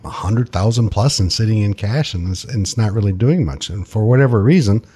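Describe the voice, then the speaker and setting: Husky low-voiced man, folksy advisor. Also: expressive, a little fast, mellow. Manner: folksy, repeats words, laughs easily. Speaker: financial advisor guest. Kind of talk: casual radio talk.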